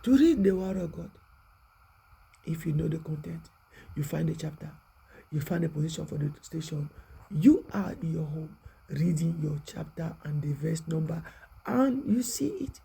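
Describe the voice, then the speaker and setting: A preacher giving a prayerful, repetitive exhortation, often dropping to a hushed voice. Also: medium pitch, expressive, moderate pace, gravelly, husky, poor audio.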